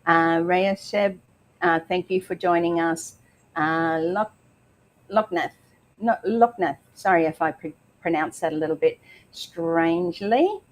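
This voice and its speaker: A middle-aged woman with an Australian accent hosts a live online show, greeting viewers one by one in a chatty, filler-heavy way. Her voice sits fairly low for a woman and carries a slight tickle in the throat. A faint hiss of background noise runs underneath. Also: a little slow, rough recording. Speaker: livestream host. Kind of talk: upbeat live show welcome.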